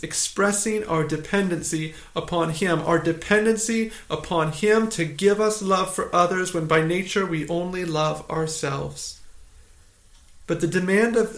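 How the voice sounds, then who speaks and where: Man, pastor, sermon, high-pitched, echoey sanctuary, earnest, repeats his points. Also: fairly bright tone. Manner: earnest, measured preaching with rhetorical questions and repetition.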